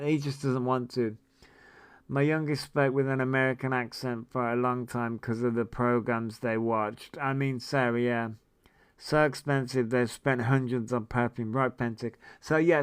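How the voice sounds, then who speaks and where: A man's voice: medium pitch, fairly even intonation, normal speed, smooth. A man in his forties hosting a casual livestream, reading viewer comments and ranting in a sweary, incredulous, rambling way. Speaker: livestream host.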